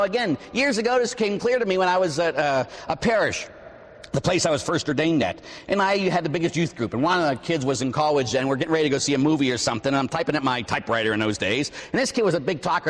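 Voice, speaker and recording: Pittsburgh priest preaching in a reverberant church. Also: male voice, on the high side, lively intonation, fast, a bit bright. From Pittsburgh, USA. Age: 40s. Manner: conversational, storytelling, frequent "huh?" asides, acts out quoted voices. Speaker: Catholic priest. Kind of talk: sermon.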